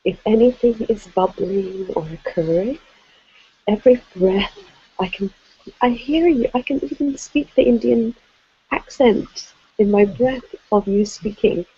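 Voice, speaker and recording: A woman with a Jamaican accent shares in a satsang, slow and heartfelt with hesitant pauses. Her dark voice is gravelly and raspy. The sound is dry and dull, lo-fi. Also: fairly high pitch, dry recording. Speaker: questioner. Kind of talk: satsang sharing.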